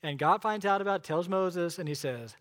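A male preacher with a notably high voice delivers a sermon. He tells the story with dramatic flair and keeps putting questions to his listeners. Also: fairly quick, a bit bright.

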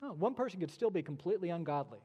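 A man's voice: high voice, lively intonation, rapid-fire, warm tone, breathy edge, long reverb tail, lo-fi sound. A male pastor delivering a sermon, emphatic and full of rhetorical questions, with dry sarcastic asides.

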